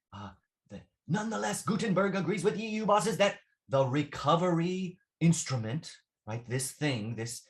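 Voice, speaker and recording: A man teaching English vocabulary in a classroom lesson, patient and repetitive, often checking with "right?". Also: mid-range voice. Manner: patient, repeats phrases, asks "right?" often.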